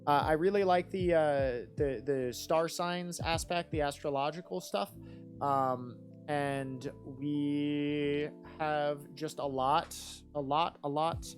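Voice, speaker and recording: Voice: mid-range voice, fairly even intonation, takes it slowly, faint music behind. A judge talking through written rap verses live, enthusiastic and rambling, with lots of fillers and restarts. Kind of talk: live commentary and critique.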